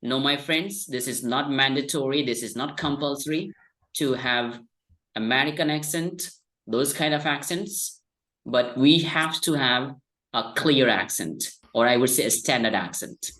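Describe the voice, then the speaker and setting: A man's voice: medium pitch, sharp tone. A man teaching an online English class over a video call, answering questions patiently and repeating "all right" a lot. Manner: slow, patient explaining with frequent "all right".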